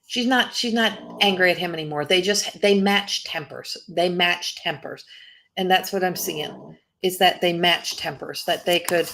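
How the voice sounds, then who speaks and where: A woman's voice: on the low side, vocal fry, a bit bright, slight background noise. A woman doing a live psychic reading as a medium, talking in a rambling way, breaking off and restarting her sentences, and laughing often.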